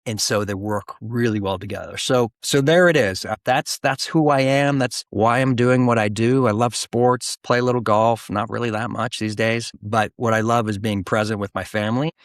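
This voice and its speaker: A middle-aged man telling his career story as a guest in a casual interview, animated and full of restarts. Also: lowish voice, normal speed, hardly any pauses, no echo, studio quality. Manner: animated, restarts often, acts out quoted voices. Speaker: guest, business founder.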